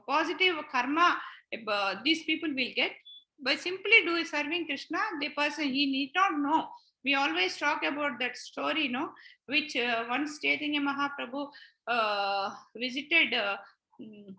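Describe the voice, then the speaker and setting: High bright woman teaching a scripture class, encouraging, echoey room. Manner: encouraging, explains with everyday examples. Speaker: Bhagavad Gita teacher. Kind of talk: online class explanation.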